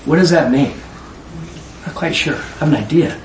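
A middle-aged man giving informal Bible teaching, swinging from low musing to high emotional exclamations. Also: lively intonation, moderate pace. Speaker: preacher. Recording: echoey room, mic at a distance, faint ambient noise.

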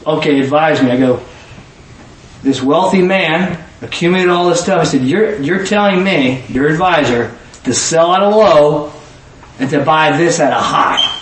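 A man preaching a sermon in a church hall, animated, sometimes rising to a shout and acting out both sides of conversations. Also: fairly high pitch. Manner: animated, rising to shouts, quoting people in dialogue. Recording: echoey room from far off, faint noise.

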